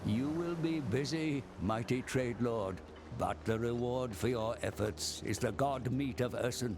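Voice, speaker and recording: A man's voice: medium pitch, measured pace, noisy background, lightly acted. A man voicing a grave, commanding advisor in a strategy game's campaign intro. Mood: solemn. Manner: solemn, commanding. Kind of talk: scripted game voice-over.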